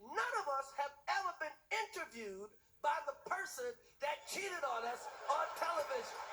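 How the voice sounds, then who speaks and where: A man's voice: extremely high pitch, animated, normal speed, few pauses, heavy background noise. A man doing a stand-up comedy routine, ranting emphatically and profanely, hammering his punchlines with repetition.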